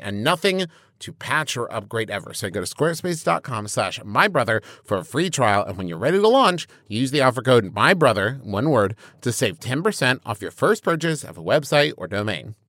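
A man's voice: mid-range voice, sing-song, fairly quick, fairly bright tone, dry recording, clean studio sound. A man co-hosting a comedy podcast, teasing his brothers and joking his way through ad reads. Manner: playful, jokey, teasing.

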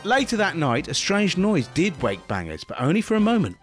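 Lively high-voiced man reading aloud. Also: moderate pace, hardly any pauses, faint music behind. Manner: sing-song storytelling with squeaky put-on character voices and crude asides. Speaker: podcast co-host reading a children's book aloud. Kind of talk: crude comic read-aloud.

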